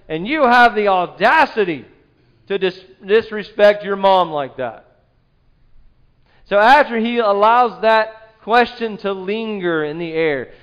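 A man preaching a sermon, telling the story with animated delivery and acting out the quoted voices. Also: high voice, dull audio. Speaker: pastor.

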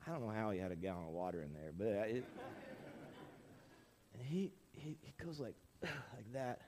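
A man's voice: fairly low pitch, measured pace, vocal fry, noisy background. A male pastor in his forties preaching a storytelling sermon in a church, acting out quotes as he goes. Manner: animated storytelling, acts out quotes.

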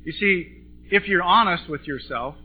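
A male pastor with a high, husky voice preaches with passion, surging loud and then dropping low. The sound is thin and tinny like a phone line, with faint music underneath. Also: measured pace. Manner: impassioned, swings between loud and soft. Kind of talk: sermon.

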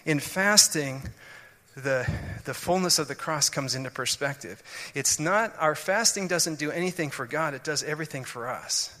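A man's voice: a little high, moderate pace, bright, forceful tone. A man preaching a sermon, explaining scripture earnestly and restarting his sentences often. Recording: long hall reverb.

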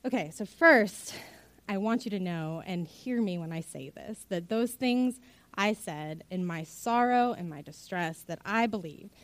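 A woman's voice: mid-range voice, lively intonation, measured pace, dry recording. A young adult woman chaplain giving a sermon, telling a personal story in an earnest, emotional way with many fillers. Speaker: chaplain preaching.

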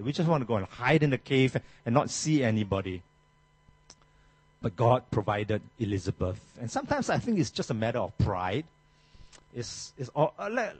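A male pastor delivers a sermon with a husky, slightly rough tone and a pitch that rises and falls widely. He preaches emphatically, often restarting phrases. The sound is dry and close. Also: a little mellow, no echo.

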